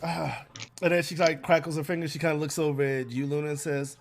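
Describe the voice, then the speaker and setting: A man's voice: fairly high pitch, level tone, quick pace, creaky. A man narrating a tabletop game as game master, casual and laughing, with many fillers.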